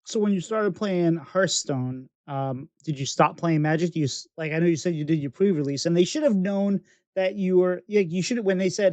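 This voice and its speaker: Higher-voiced man, teasing podcast host. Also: moderate pace, darkish tone, no echo. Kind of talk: casual interview chat.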